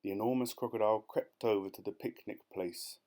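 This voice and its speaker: A man narrates a children's storybook audiobook in a fairly low voice. His reading is lively and expressive, building with the action. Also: a little fast. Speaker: audiobook reader.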